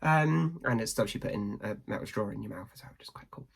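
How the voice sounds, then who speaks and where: Chatty British woman with a gravelly voice. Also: extremely low pitch, fast talker. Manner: chatty, rambling with asides. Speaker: vlogger. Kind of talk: casual chat.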